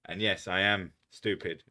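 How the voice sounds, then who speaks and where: A man with a southern English accent chats loosely on his livestream, swearing freely and laughing between rambling stories. His voice sits low, with a bright, forceful edge to it. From England. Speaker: streamer. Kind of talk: casual livestream chat.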